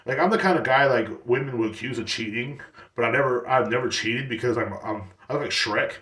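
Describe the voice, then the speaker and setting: A man's voice: mid-range voice, a little fast, fairly bright tone, far from the mic. Man, 30s, podcast host, rambling, profane, echoey room, a little off-mic. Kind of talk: casual solo podcast monologue.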